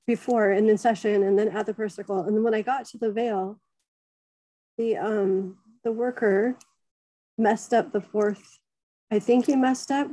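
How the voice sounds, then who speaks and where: A woman's voice: medium pitch, mellow, no room sound, low-quality recording. A woman earnestly recounting a personal experience in a casual group discussion.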